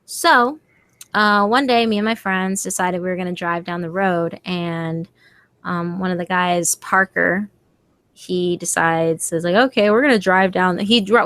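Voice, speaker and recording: A young woman telling a scary story to her stream in a casual, animated way, swearing freely. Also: on the low side, no room sound. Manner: animated, swearing, quotes friends in voices.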